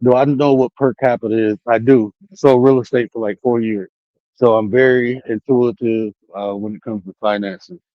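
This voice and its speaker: A man's voice: mid-range voice, fairly even intonation, normal speed, dry recording, highs cut off. A man ranting on his own livestream, taunting the chat with profanity and challenging viewers to join the call. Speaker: streamer and life coach. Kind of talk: casual livestream rant. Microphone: streaming setup mic.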